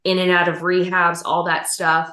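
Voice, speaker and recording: A woman's voice: lowish voice, level tone, moderate pace, sharp tone, roomy sound. A woman hosting a casual podcast, speaking candidly with a laugh and casual swearing. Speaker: podcast host.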